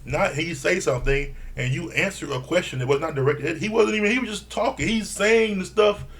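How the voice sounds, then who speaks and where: A man giving a blunt, profane casual recap of a reality TV episode, laughing often and mimicking people in a higher voice. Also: a little fast, a bit bright. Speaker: reality TV reviewer.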